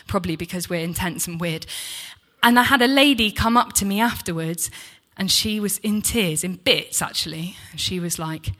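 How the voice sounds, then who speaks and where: A woman, preaching in church and telling a personal story in a chatty, animated way, acting out the dialogue. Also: medium pitch. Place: church hall.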